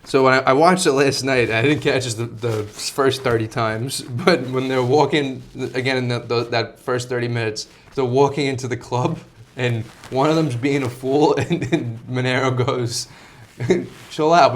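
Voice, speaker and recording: A young man hosting a casual movie chat, talking fast with lots of restarts and laughs. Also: mid-range voice, fairly even intonation, slight background noise. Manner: chatty, laughing, many restarts. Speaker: host.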